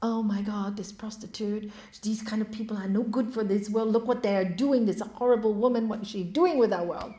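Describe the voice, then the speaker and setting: A woman's voice: medium pitch, a little fast, hardly any pauses, mellow, pitched below the performer's own voice, natural voice. A woman voicing a judgmental male swami, scornful and indignant, in a storytelling talk. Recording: echoey hall.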